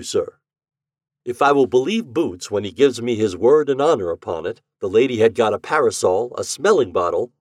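A man's voice: mid-range voice, no echo, clean studio sound. A man narrating a classic story aloud as a podcast reader, telling it expressively. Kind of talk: reading classic fiction aloud.

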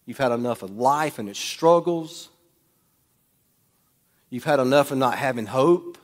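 A man preaching a sermon in a church, swinging between loud bursts and hushed, quiet lines. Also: medium pitch, expressive, measured pace. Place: church sanctuary. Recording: long hall reverb.

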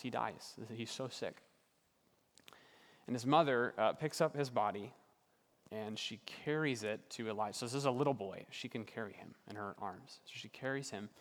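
An earnest pastor preaches a sermon, building each point through repetition and often softening his voice for emphasis. His mid-pitched voice trails off into the long reverb of a large hall.

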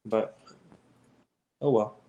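A man's voice: drawn-out words, dark tone, dull audio, slight background noise. A man on a podcast panel, dropping wry, offhand remarks in casual chat.

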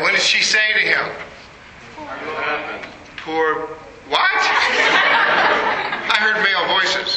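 A man giving an interactive lecture, quizzing the audience and making joking asides. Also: high-pitched. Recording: echoey room with noise.

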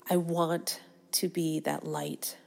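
A middle-aged woman hosting a solo podcast, speaking earnestly and sinking into a soft breathy hush as she repeats affirmations. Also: sits low, level tone, takes it slowly. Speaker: podcast host. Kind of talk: reflective solo podcast talk.

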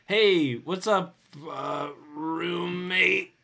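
Uomo impassibile in improvvisazione comica. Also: male voice, high voice, very slow, gravelly, sharp tone. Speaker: podcast co-host. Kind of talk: improv comedy.

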